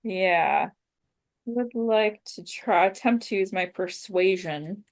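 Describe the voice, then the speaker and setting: A woman's voice: medium pitch, takes it slowly. A woman playing a tabletop game who argues in character in an earnest, persuasive way and presses with questions. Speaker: player. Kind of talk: tabletop role-play.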